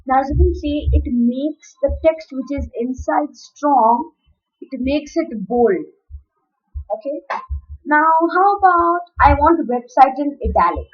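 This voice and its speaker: A woman's voice: high voice, lo-fi sound. A woman explaining code step by step while she types, stopping to correct herself. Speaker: coding tutor. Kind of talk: screen-recorded coding tutorial.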